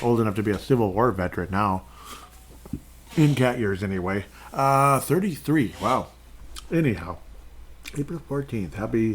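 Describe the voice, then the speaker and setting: A man hosting a casual solo sports podcast, rambling and chatty as he reads fan posts aloud. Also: lowish voice. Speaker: podcast host.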